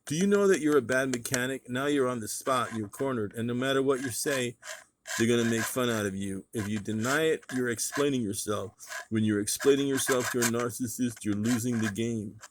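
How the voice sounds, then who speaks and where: A man's voice: medium pitch, steady tone, normal speed, noisy background. A man vlogging in a casual monologue, talking emphatically in a ranting way and repeating his points.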